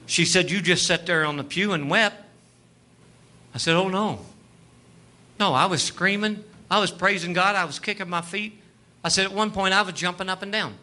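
A man preaching a sermon testimony, telling a story, acting out the dialogue and rising to fervent shouts. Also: high-pitched. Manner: storytelling, acts out dialogue, rises to shouting fervor.

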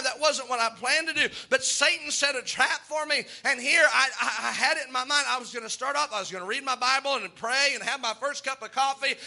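A man's voice: very high-pitched, bright, forceful tone. A man who is a pastor, preaching a sermon in a fervent, emphatic way, with folksy, self-deprecating stories.

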